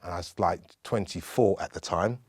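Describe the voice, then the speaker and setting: A man in his fifties, a guest in an interview, telling stories from his life in an animated way. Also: sits low, normal speed, no room sound, studio quality. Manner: animated, acts out other people's voices as he tells stories. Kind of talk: storytelling interview.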